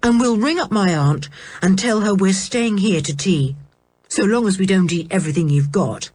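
A woman voicing a sensible, kind older boy who speaks calmly, in a storybook reading. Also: medium pitch, moderate pace, husky, close to an everyday voice. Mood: earnest. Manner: calm, helpful.

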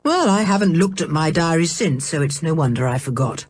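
A woman reading a storybook, voicing an absent-minded, irritable middle-aged male scientist who is vague and quick to anger. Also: on the high side, lively intonation, slight background noise, close to an everyday voice. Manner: vague, then sharply cross.

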